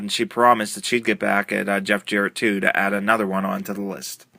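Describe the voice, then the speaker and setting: Man, casual wrestling recap, rambling, lots of fillers, lowish pitch, dry close sound. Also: vocal fry, bright, forceful tone, dry recording. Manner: rambling, filler-heavy retelling with many uh and um. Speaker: wrestling show reviewer.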